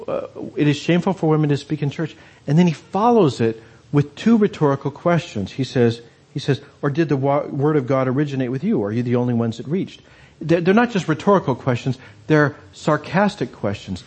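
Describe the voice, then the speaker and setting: A man's voice: a little high, expressive, moderate pace, darkish tone, breathy edge. A man preaching a conversational sermon, asking his listeners many rhetorical questions.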